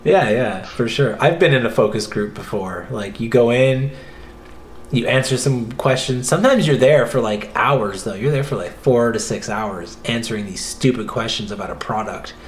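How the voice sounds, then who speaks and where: Animated Canadian man in a roomy room. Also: medium pitch, moderate pace, a little hiss or hum. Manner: animated storyteller, mimics corporate scripts. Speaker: podcast host. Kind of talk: casual chat.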